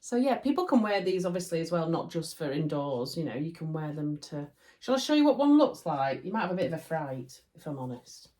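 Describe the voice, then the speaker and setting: A woman from Yorkshire, England, with a Yorkshire accent, gives a chatty sewing tutorial from her home sewing room, laughing often and poking fun at herself. Her voice sits low and sounds mellow, very animated and brisk.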